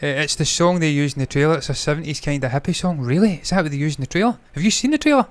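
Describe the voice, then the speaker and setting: A man's voice: a little high, lively intonation, racing. A man co-hosting a movie news podcast, talking casually and bluntly, swearing often. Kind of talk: casual chat.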